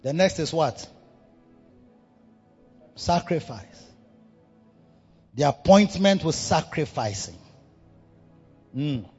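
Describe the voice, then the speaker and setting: A male preacher delivering a dramatic, animated sermon in a church, repeating words for effect. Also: on the high side, takes it slowly, pauses often, slightly rough. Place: large church hall. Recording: dull reverberant hall with music.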